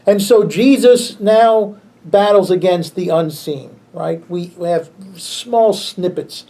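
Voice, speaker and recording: Creaky-voiced pastor teaching a class. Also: male voice, high-pitched, slow pace. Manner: relaxed, chuckles often, frequent restarts. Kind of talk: conversational Bible class teaching.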